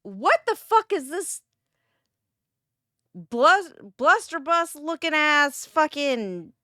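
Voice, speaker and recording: A woman's voice: high voice, very animated, slow, bright, forceful tone, no echo, studio quality. A woman streamer reacting to a video in casual, profane chat, exasperated and often laughing.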